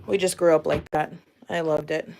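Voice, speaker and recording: A young woman with a slightly low voice talks casually to her viewers at home while doing chores. She rambles along with plenty of fillers, sounding a little out of breath as she works. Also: fairly even intonation, moderate pace, darkish tone. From Massachusetts. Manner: chatty, rambling, many "like" and "um" fillers. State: a bit out of breath. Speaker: vlogger chatting with viewers.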